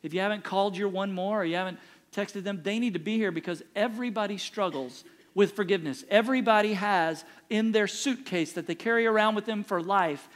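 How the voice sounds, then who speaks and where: A man's voice: high-pitched, brisk. A middle-aged man preaching a sermon as pastor, emphatic and repeating phrases for punch.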